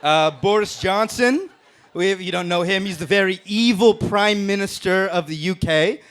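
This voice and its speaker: A man's voice: sits high, moderate pace, a bit bright, clear, resonant tone. A man doing a brash, profane stand-up roast set on a comedy club stage, laughing at his own jokes. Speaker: stand-up comic in a roast battle.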